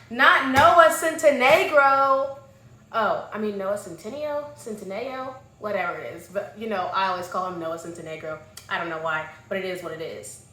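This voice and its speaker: A woman vlogger giving a casual, sassy movie review with animated, exclamatory asides. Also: medium pitch. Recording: echoey room.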